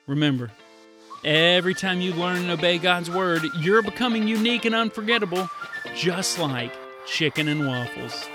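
A middle-aged man, a children's pastor, giving a lively storytelling devotional to kids and acting out the voices of children he quotes. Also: high voice, normal speed, music in the background. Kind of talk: kids' devotional talk.

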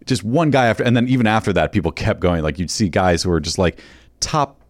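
Deep-voiced man in easygoing chat. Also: fast, no room sound. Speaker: podcast co-host. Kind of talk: casual chat.

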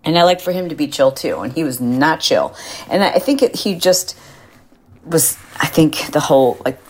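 A woman's voice: sits low, lively intonation, normal speed, a little hiss or hum. A middle-aged woman hosting a podcast, chatting casually and animatedly, now and then acting out quoted voices. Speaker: podcast host. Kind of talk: casual solo podcast chat.

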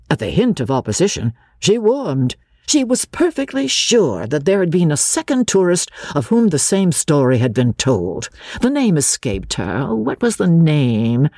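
Low, husky woman reading a classic novel. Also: no room sound, studio quality. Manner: expressive, gives each character a voice. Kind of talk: dramatic audiobook reading.

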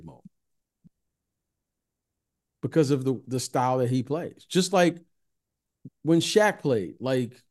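A man in casual sports chat, telling stories with a lively voice and acting out friendly greetings. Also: medium pitch. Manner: animated storyteller, repeats the host's name, acts out friendly greetings.

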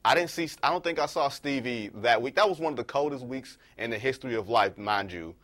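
A man co-hosting a sports talk show, telling stories in a casual, animated way and pushing his voice up for emphasis. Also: medium pitch, a little fast. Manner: animated storyteller, rising to emphatic peaks.

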